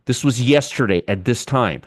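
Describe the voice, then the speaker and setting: A man's voice: mid-range voice, animated, normal speed, no echo, studio quality. A man hosting a daily market commentary, casually walking through chart levels and repeating key points with emphasis. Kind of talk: casual trading analysis monologue.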